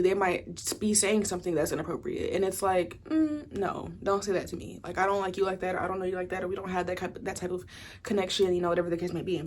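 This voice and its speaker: A young woman from the States, giving a casual pick-a-card tarot reading in a chatty, rambling way full of "like" and "you know". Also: medium pitch. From Southern United States. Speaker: tarot reader.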